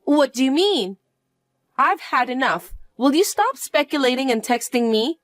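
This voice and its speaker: A woman's voice: high-pitched, animated, a little slow, no room sound. A woman voicing a scornful daughter-in-law. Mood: rattled. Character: harsh young daughter-in-law, scornful and impatient. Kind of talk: narrated family drama dialogue.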